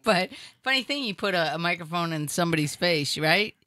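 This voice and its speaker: A woman's voice: lowish voice, lively intonation, fairly quick, sharp tone, dry recording. A woman hosting a comedy talk show, chatting in a joking, blunt way. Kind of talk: casual comedic chat.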